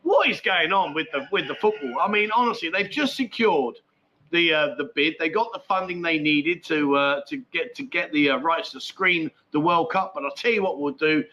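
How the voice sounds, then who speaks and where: Chatty man, high bright voice. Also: normal speed, dull audio, slight background noise. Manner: rambling, chatty, swears freely, laughs often. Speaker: live stream chat show host. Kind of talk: casual chat, reading viewer comments. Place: at home with a dog nearby.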